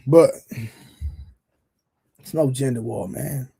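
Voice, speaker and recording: A man with a hoarse voice hosting a livestream, chatting loosely with viewers in slangy banter full of repeated fillers. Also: fairly high pitch, normal speed, warm tone. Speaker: livestream show host. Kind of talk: casual livestream chat with viewers.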